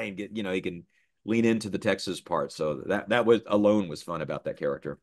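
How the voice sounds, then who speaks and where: A middle-aged man, a voice actor, chatting casually in an interview and telling lively stories. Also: on the low side, brisk. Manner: animated storyteller, slips into character voices. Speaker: voice actor guest.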